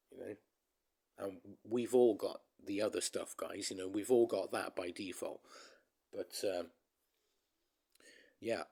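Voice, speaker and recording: A man's voice: fairly low pitch, darkish tone. A man ranting casually to his viewers in a vlog, rambling and emphatic, often calling them guys. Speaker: vlogger.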